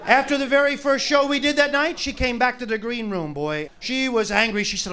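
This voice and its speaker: Brash high-voiced stand-up comic. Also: male voice, brisk, hardly any pauses, sharp tone, clean tone. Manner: brash, crude, mocking. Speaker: stand-up comedian. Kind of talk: stand-up comedy routine. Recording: noisy live club recording.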